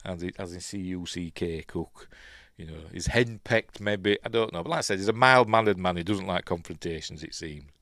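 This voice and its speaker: A Yorkshire man hosts a relaxed film review as he watches, talking in a loose, rambling way. He hesitates often and corrects himself mid-sentence. His voice sits fairly low and sounds dry and close, with no room echo. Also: normal speed. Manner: rambling, chatty, full of ums and self-corrections. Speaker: film reviewer, channel host. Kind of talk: casual watch-along film commentary.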